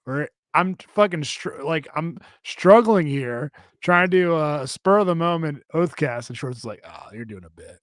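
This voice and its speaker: A man's voice: on the high side, lively intonation, unhurried, hardly any pauses, dry recording. A man in his thirties talks loosely into a close, dry podcast microphone. He rambles, swears freely and stumbles over fillers and restarts while he reads out viewer comments. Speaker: podcast co-host. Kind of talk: casual live-stream chat reading comments.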